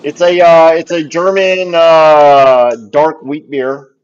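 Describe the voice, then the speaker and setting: A man's voice: a little high, little pitch movement, slow pace, clean tone. A man chatting casually on a live stream, rambling and swearing freely with lots of fillers. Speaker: livestream co-host. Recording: dull lo-fi stream audio.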